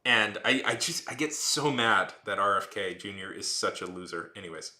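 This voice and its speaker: Streamer man, 30s, rambling and ranty, sharp bright tone, echoey room. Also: on the low side, normal speed. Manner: rambling, heavy use of "like", restarts and trails off; heated, ranting. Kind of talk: casual rambling chat while drawing.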